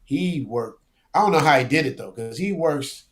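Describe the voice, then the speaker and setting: A man talking as a guest in a casual interview, animated and slangy, often repeating words as he goes. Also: on the high side, moderate pace, soft background music. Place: lives abroad, remote interview.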